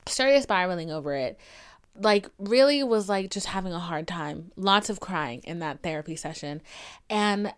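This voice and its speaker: A young woman hosts a podcast, her voice low-pitched, clear and resonant at a moderate pace. She rambles through a profane, dramatic story about her dating life, acting out the people in it with animated put-on voices.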